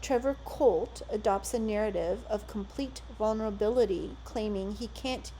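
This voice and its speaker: Measured woman narrating a documentary. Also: medium pitch, mellow, a little hiss or hum, rough recording. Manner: measured, clinical.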